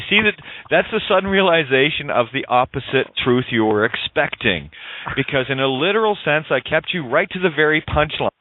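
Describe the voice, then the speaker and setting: A man's voice: fairly high pitch, no room sound. A man hosts a talk radio show, rambling and laughing as he repeats himself. His voice comes through a tinny, phone-like line with a dry, close sound. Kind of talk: casual talk radio chat.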